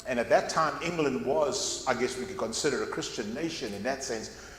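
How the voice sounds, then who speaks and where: A man's voice: mid-range voice, normal speed, a bit bright, reverberant, long reverb tail, slight background noise. An older man giving a folksy, rambling Bible class talk, often repeating words as he goes. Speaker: guest speaker at a Bible class. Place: church classroom.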